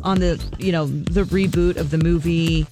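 A woman's voice: fairly low pitch, fairly even intonation, moderate pace, music in the background. A woman on a morning radio show reading entertainment news items and chatting about them casually. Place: radio studio.

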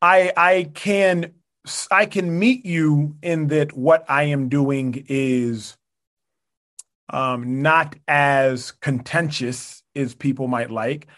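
A young man guest on a podcast, making his case in a measured, earnest way with precise wording. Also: a little high, steady tone, fairly bright tone. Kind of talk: casual debate.

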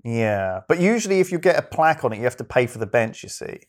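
A man's voice: medium pitch, big pitch swings, quick pace. A man co-hosting a casual comedy chat, joking and laughing often. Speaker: podcast co-host. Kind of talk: casual banter.

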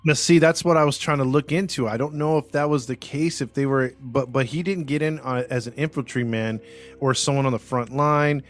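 A man's voice: mid-range voice, steady tone, a little fast, soft background music. An American man hosting a podcast, telling a true-crime story in a loose, conversational way with lots of fillers and easy laughter. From United States. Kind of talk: casual storytelling chat.

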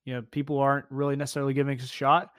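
A man co-hosting a sports podcast in a relaxed, casual way, with many fillers as he talks. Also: mid-range voice, very fast, smooth, no room sound, clean studio sound. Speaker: podcast co-host.

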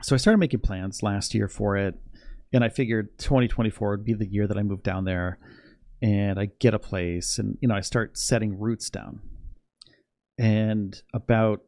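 A young man chatting casually on a livestream, rambling and excitable, laughing often. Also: fairly low pitch, normal speed, long pauses, dry recording, clean studio sound. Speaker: space news livestreamer.

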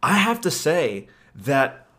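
A man co-hosting a casual podcast chat, telling stories in an animated way and laughing often. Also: on the high side, slow. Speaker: podcast co-host.

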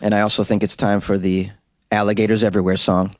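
A man's voice: lowish voice, level tone, fast talker, noisy background. A man, a comedian, hosting his podcast in a chatty, upbeat, rambling monologue.

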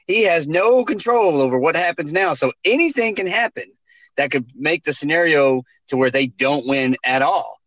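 Argumentative man, slightly high, dry sound. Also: animated, normal speed, fairly bright tone, no echo, low-quality recording. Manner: argumentative, speculative. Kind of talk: casual movie discussion.

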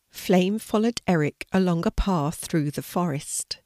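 An older woman reading a children's story aloud in a gentle storytelling manner. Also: fairly low pitch, unhurried, hardly any pauses, no echo, clean studio sound.

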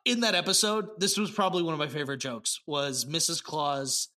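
A man co-hosting a casual podcast chat, animated and swearing, acting out lines as he reviews a show. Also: on the high side, brisk. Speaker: podcast co-host.

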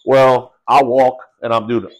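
A man telling a story in casual podcast chat, animated and slangy, calling people bro and dude. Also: mid-range voice, unhurried.

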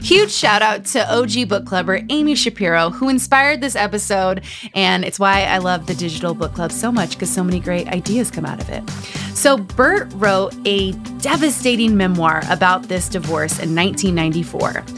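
A woman's voice: medium pitch, animated, normal speed. Woman, 30s, podcast host, chatty, bubbly, rambling, filler words, faint music behind.

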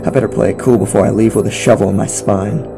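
A man narrating a first-person horror story in a measured way, with occasional stumbles. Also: on the low side, fairly even intonation, gravelly. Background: music.

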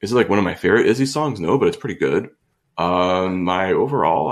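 A man's voice: deep voice, animated, fast talker, vocal fry. A young man co-hosting a podcast, rambling casually through a song review with lots of fillers. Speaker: podcast co-host. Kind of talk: casual music review chat.

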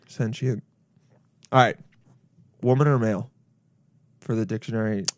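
A man's voice: fairly low pitch, moderate pace, dry recording. A young man co-hosting a podcast, chatting loosely and jokingly as he reacts to a video, swearing freely. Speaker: podcast co-host. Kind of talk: casual chat reacting to a video.

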